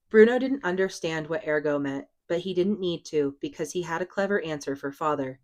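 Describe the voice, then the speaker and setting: Woman reading a novel in a low voice. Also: a little fast, hardly any pauses, darkish tone. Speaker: audiobook reader.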